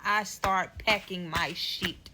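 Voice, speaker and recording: A woman's voice: fairly low pitch, steady tone, slow pace, bright, forceful tone, a little hiss or hum. A young woman telling a story time vlog, profane and emphatic, acting out quotes. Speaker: storyteller in a clip.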